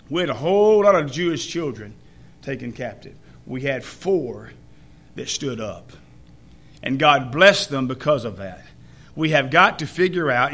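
A man's voice: fairly high pitch, sharp tone. A man preaching a sermon in a folksy way, asking the congregation questions.

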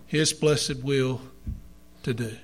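A man preaching a sermon to a congregation, reading scripture aloud and stressing words with slow emphasis. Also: medium pitch, steady tone, husky.

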